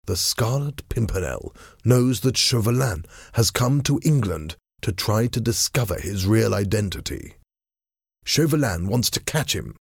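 An earnest young English gentleman conspirator, as a man reading a storybook puts him on, eager and urgent. The voice sits higher than the narration but keeps its slow, gravelly grain. It is close and dry. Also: no room sound, heavily acted.

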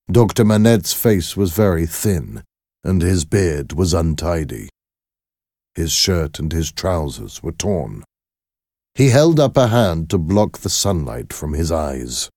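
Male narrator, deep and unhurried, measured storybook reading. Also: big pitch swings, mellow, dry recording, clean studio sound.

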